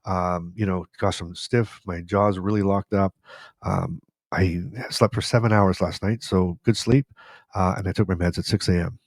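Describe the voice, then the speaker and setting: As a podcast host, a middle-aged man with a fairly low voice offers casual advice, rambling, circling back and repeating key phrases for emphasis. His intonation is fairly even and his speed normal, captured dry and close with no room sound.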